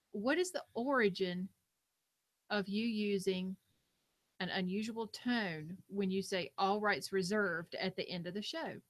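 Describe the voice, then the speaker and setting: Middle-aged woman, casual chatty co-host, mid-pitched voice, dry close sound. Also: a bit bright, dry recording. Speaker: podcast co-host. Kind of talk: casual chat.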